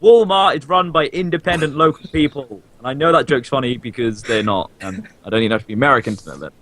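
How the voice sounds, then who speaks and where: A man's voice: medium pitch, fast, a bit bright, no room sound. A young man from Britain bantering on a podcast with sarcastic, teasing quips, heard over a voice-call headset mic.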